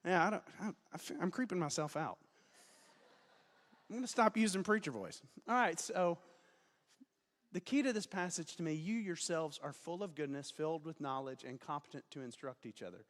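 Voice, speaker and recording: A man in his forties, a student pastor giving a casual, self-deprecating sermon, with sudden loud emphasis. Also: fairly high pitch, lively intonation, normal speed, big-room sound. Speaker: student pastor, guest preacher. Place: church sanctuary.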